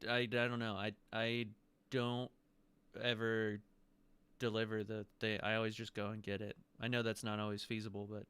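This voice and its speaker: A young man co-hosting a casual podcast chat, speaking in a calm, measured, slightly hesitant way. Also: fairly low pitch, clean tone, no room sound. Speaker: podcast co-host.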